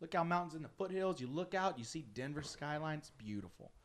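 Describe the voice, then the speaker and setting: A man telling a long story in casual chat, animated, laughing often and acting out his friends' lines. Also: on the high side, fairly quick, a little hiss or hum.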